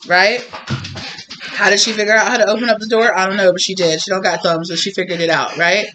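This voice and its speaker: A woman's voice: medium pitch, fairly even intonation, brisk, pushed and bright, soft background music. A woman doing a casual tarot reading, chatty and full of fillers, often acting out quoted voices. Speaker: tarot reader.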